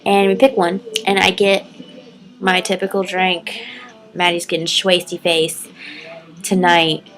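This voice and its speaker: A woman's voice: completely flat delivery, measured pace, long pauses, a bit bright, low-quality recording. A young woman telling a story in a casual vlog at home, chatty and giggly with lots of "like" and "um". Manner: chatty, giggly, lots of "like" and "um", acts out quotes in a high voice. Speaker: vlogger.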